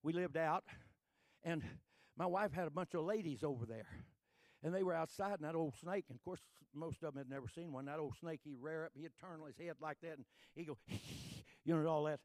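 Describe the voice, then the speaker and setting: Man, pastor, high voice, dry close sound, folksy storytelling, rising shouted crescendos. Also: brisk, no echo. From Texas. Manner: repetitive, building to loud shouted crescendos.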